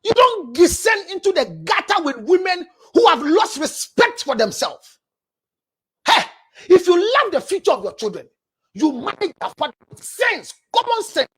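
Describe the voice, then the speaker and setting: A Ghanaian woman with a very high voice gives blunt relationship advice as a counselor. Her pitch leaps and falls all the time. She scolds her listeners and keeps breaking into shouts. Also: sing-song, normal speed.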